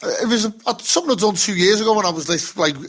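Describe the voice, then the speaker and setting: A Scouse man with a high voice chats in loose, sweary banter, laughing through his words. He sounds casual and self-mocking. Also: very fast, a bit bright, husky. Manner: sweary, laughs a lot while talking.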